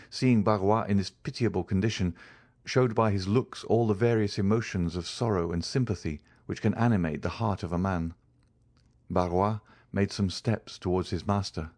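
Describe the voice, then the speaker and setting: A man reading a classic novel aloud as an audiobook narrator, in a measured, dramatic way. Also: on the low side, darkish tone, no echo, clean studio sound. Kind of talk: scripted narration.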